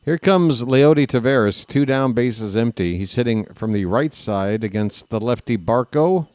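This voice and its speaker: A man calling live baseball play-by-play in a casual way, with jokey, rambling asides between pitches. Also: expressive, moderate pace, a little mellow, no room sound. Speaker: play-by-play announcer.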